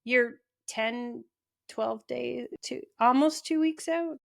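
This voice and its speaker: A woman's voice: fairly high pitch, takes it slowly, gravelly. A woman in her forties co-hosting a podcast, chatting casually with teasing quips. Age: 40s. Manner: playful, teasing quips with laughs. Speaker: podcast co-host. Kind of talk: casual chat.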